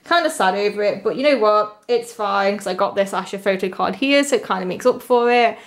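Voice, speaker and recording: A woman's voice: medium pitch, fairly quick. A young woman chatting casually as she unboxes an album, gushing and full of "like" fillers, squealing when she gets a lucky pull.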